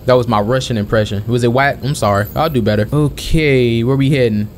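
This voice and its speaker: A young man giving casual let's-play commentary as a gaming channel host, chatting and questioning the game out loud. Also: mid-range voice, brisk, a little hiss or hum. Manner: chatty, questions the game aloud, calls everyone bro.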